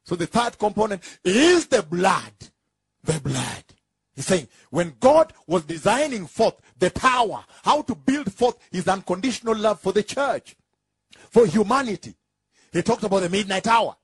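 A high-pitched man delivers a sermon in a husky voice. He is emphatic and repeats key phrases, often checking that his listeners follow. The sound is dry and close. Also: expressive, no room sound. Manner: emphatic and repetitive, rising into drawn-out shouts; asks the congregation for confirmation. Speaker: preacher.

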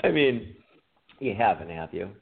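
A man's voice: fairly low pitch, very animated, measured pace, vocal fry. A man co-hosting a podcast, telling an old story in casual chat, laughing often and swearing. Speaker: podcast co-host. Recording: phone-like audio with faint noise.

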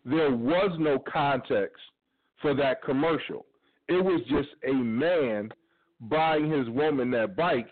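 A man's voice: medium pitch, slow. A middle-aged man, co-host of a talk radio show, arguing his opinion emphatically and pushing on through interruptions. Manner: emphatic, argumentative, keeps talking over interruptions. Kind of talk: opinionated casual debate. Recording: tinny phone-line audio.

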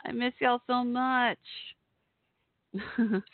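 A woman's voice: fairly high pitch, steady tone, very slow, no echo. Chatty woman on a tinny line. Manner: chatty, affectionate, addresses listeners directly. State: weak voice recovering from flu. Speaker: internet radio host. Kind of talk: casual chat with listeners. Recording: tinny phone-like audio, dry.

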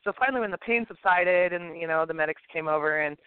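A woman co-hosting a podcast, telling a personal story in a casual, animated way and acting out the people in it. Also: lowish voice, fast, smooth, dry recording. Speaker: podcast co-host. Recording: tinny phone-line sound.

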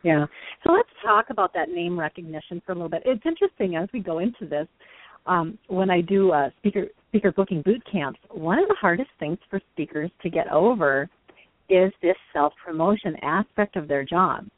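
A woman's voice: lowish voice, animated, brisk, no echo. Woman, host, eager teaching tone, laughs often, tinny phone line. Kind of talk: conversational teaching on a call-in show.

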